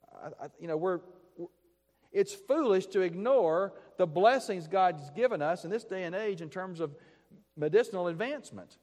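A man preaching a sermon, earnest and measured, asking rhetorical questions and restarting phrases as he works through a passage. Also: on the high side, darkish tone. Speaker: pastor. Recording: long hall reverb.

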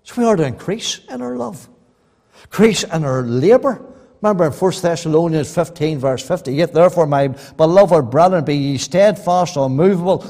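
A man preaches in a high, ringing voice. He swings from loud, rising appeals to quiet, earnest asides, and his words trail off into the long reverb of a church hall. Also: normal speed. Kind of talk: sermon.

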